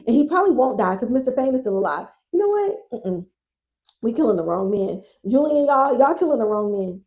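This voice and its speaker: Animated woman recapping TV. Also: fairly high pitch, brisk, muffled recording. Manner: animated, exasperated, swears freely; addresses listeners as y'all. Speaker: podcast host. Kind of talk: casual TV recap podcast.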